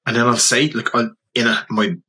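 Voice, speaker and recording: A man with a Dublin accent, a portrait photographer and podcast guest, telling animated stories in casual conversation. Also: medium pitch, a little fast, slightly rough, rough recording. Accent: Dublin Irish. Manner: animated, anecdotal, slips into quoted voices.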